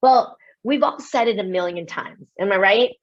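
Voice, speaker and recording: In a webinar keynote, an animated American woman mocks herself and throws in quick asides. Her voice is medium in pitch, and the sound is a bit dull and lo-fi, typical of an online talk.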